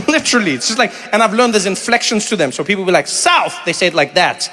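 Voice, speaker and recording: A man in his forties from South Africa doing stand-up and crowd work, animated and acting out little voices as he talks, laughing along with the room. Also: high voice, fast talker, long reverb tail. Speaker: comedian. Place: comedy venue with a live audience.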